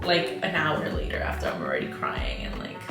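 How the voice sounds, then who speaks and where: A woman's voice: very deep voice, normal speed, roomy sound, loud music behind the voice. A woman in her twenties, a vlogger telling a story in casual chat, acting out the people she quotes. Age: 20s. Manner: animated, acts out quotes, says like a lot.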